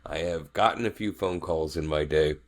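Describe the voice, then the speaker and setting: A man's voice: very deep voice, moderate pace. A man co-hosting a podcast as a father, making wry jokes in casual chat. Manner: wry, joking asides.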